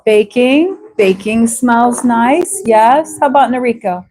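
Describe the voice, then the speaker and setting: Patient woman teaching English, unhurried and clear, faint hiss behind. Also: a little high. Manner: slow, patient, drawn-out repetition of words. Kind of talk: live online English class.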